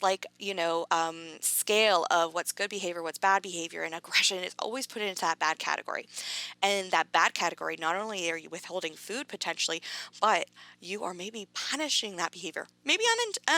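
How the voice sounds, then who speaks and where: Gravelly, bright-voiced woman dog trainer. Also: mid-range voice, no room sound. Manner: casual and chatty, lots of fillers, acts out quotes. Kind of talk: educational talk to camera.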